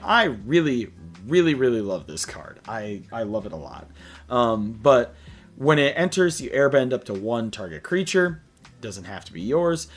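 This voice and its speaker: A tired man hosting a card game deck walkthrough, reading card text aloud in a relaxed way with many "uh" fillers, recording late at night. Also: medium pitch. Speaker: deck tech host.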